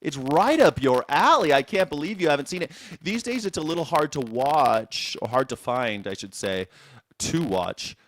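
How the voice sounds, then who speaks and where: A man's voice: on the high side, sing-song, normal speed. A man hosting a call-in news reaction show from his seat, chatting playfully and rambling with lots of restarts. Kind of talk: casual live-stream chat. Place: seated indoors.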